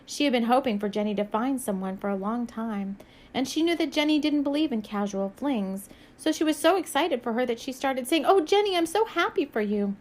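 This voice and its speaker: Soft-spoken woman reading her novel aloud. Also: a little high, fairly quick. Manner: soft, musing, laughs and hesitates often. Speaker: author and spiritual reader.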